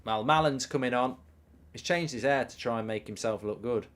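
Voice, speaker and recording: A man hosting a live football watchalong, rambling and self-mocking as he chats, often dropping into a quiet mumble. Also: mid-range voice, fairly quick. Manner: rambling, self-mocking, riffs on ideas and reads out viewer messages. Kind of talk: casual live commentary and chat reading.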